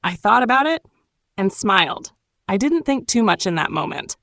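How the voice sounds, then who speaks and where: A woman from Turkey, narrating her own memoir audiobook in a calm, reflective storytelling manner. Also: mid-range voice, moderate pace, no room sound, clean studio sound.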